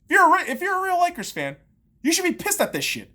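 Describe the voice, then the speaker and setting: A woman's voice: extremely high pitch, wildly swooping pitch, fast, bright, forceful tone. A woman podcast host, in her thirties, on a heated and profane sports rant full of sarcastic jabs.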